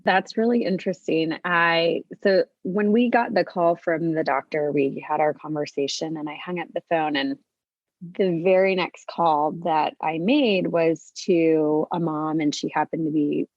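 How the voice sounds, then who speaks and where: Low-voiced woman sharing her story. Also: no room sound. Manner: earnest, reflective, speaks in halting restarts. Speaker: podcast guest. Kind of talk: conversational interview. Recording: dull, slightly lo-fi dry audio.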